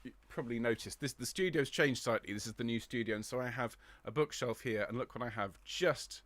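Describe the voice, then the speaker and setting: A man's voice: medium pitch, fairly quick, a bit bright, no room sound. Man, choir director, chatty, greets viewers, middle-aged, dry close sound. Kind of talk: livestream rehearsal chat. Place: home studio.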